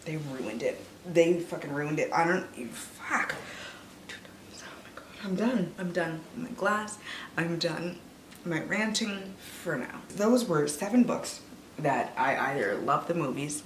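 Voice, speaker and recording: A young woman in her twenties, a book vlogger, ranting casually about films in an animated, swearing way while a little tipsy. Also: deep voice, unhurried, a little hiss or hum. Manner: animated, swearing, drops to whispers. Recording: echoey room, mic a bit distant.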